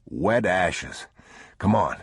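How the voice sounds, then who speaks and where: A man voicing a weary, protective father who reassures his son in quiet, terse phrases. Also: low-pitched, very animated, drawn-out words, breathy edge, dry recording, clean studio sound, exaggerated voice. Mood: urging.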